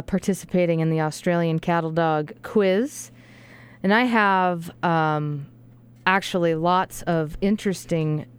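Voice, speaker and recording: A woman's voice: on the low side, clean tone. A woman hosting a talk radio show, friendly and chatty, with frequent fillers.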